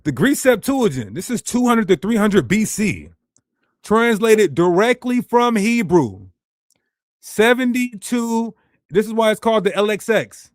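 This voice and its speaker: A man's voice: sits high, very animated, a little slow, no room sound, studio quality. A man teaching a ministry presentation in an emphatic, rhetorical way, talking straight to his viewers.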